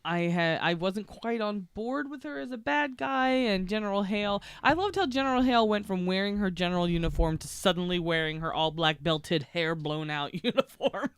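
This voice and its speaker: A woman co-hosting a casual chat, sleepy and yawning, chatty and quick to laugh with lots of restarts. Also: medium pitch, clear, resonant tone, no room sound. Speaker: co-host. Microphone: streaming mic at a table.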